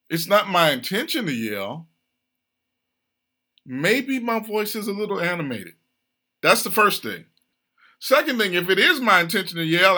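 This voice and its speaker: A man's voice: sits high, pushed and bright. A man hosting a podcast, talking earnestly and with animation about conflict in marriage. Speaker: podcast host. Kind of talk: casual chat about marriage.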